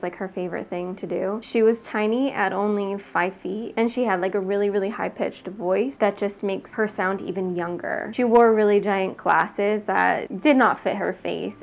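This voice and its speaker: A woman's voice: medium pitch, dull audio, slight background noise. A woman hosting a true crime show, telling the story in a chatty, conversational way. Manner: chatty, conversational, frequent "like" and "you know".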